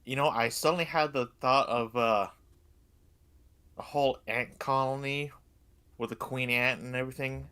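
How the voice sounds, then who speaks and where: A man streamer chatting casually and musing out loud in a deliberate way. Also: medium pitch, steady tone, clean tone. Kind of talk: casual chat.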